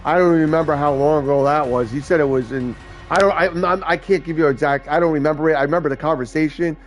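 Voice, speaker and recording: A man's voice: on the high side, quick pace, soft background music. Rambling, profane New York man. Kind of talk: casual chat.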